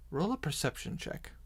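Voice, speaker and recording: A man narrating as dungeon master in an online tabletop game, taking his time and often restarting his sentences. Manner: unhurried narration with many restarts and asides.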